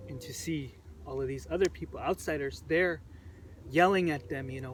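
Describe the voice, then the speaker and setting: Emotional man telling his story, heard from a distance. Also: medium pitch. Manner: earnest, halting, repeats phrases while recounting. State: emotional, choked up. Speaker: protester recounting events. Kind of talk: personal storytelling to camera. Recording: distant mic with faint background noise.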